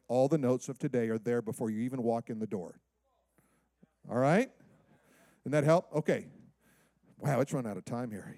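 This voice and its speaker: Preaching with lots of energy, a pastor acts out the voices of the people he quotes in his sermon. His voice is high-pitched, and the recording has no room sound.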